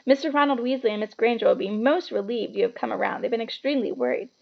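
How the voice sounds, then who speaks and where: A woman voicing a kindly old male headmaster wizard who speaks calmly, formally and wryly in a storybook reading. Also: on the high side, quick pace, creaky, dull audio. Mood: gentle. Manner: calm, gently formal and wry.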